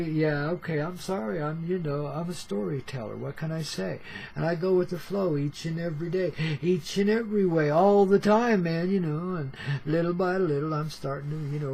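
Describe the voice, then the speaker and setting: An older hippie storyteller rambles through his tale in a slightly high, easygoing voice. He sprinkles his talk with baby, man and you know. Faint hiss sits under the recording. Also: creaky, darkish tone, rough recording. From Oregon. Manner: laid-back hippie slang, calls listeners baby and man. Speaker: storyteller host. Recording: faint background noise.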